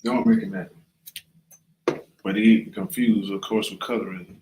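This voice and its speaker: A man's voice: sits low, steady tone, moderate pace, a little mellow, reverberant, slight background noise, rough recording. A man leading a casual Bible class, talking loosely and often checking in with the listener. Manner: conversational, often asks "right?" and "you know what I'm saying?". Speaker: class leader.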